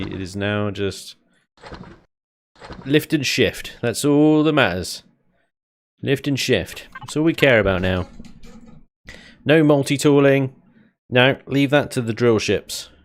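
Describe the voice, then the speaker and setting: A man chatting casually while live-streaming a building game, thinking aloud and chuckling often. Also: medium pitch.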